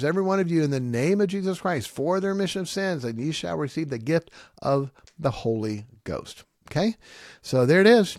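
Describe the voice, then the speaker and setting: A man's voice: on the low side, dry recording, clean studio sound. A man preaching a teaching sermon, explaining plainly with many fillers and asides, and rising sharply when he stresses a point. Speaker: Baptist pastor.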